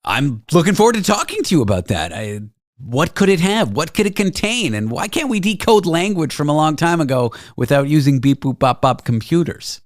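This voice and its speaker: Male talk host, playful and quick to joke, swooping lively delivery, dry close sound. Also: on the high side, no echo. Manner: playful, joking, teasing. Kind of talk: casual comedic interview.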